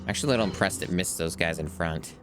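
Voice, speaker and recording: Deep-voiced man, dry gaming commentary. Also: fast talker, over loud music. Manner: dry, self-deprecating, swears often. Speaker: streamer. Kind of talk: casual gameplay commentary.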